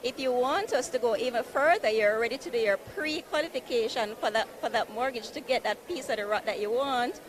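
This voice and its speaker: A woman pitches home loans at a conference marketplace booth. Her voice sits a little high and she keeps stressing how easy and convenient it all is. Loud floor noise runs behind her. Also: fairly quick, hardly any pauses. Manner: upbeat, persuasive, repeats easy and convenient. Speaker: building society representative. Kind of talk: sales pitch at an expo booth.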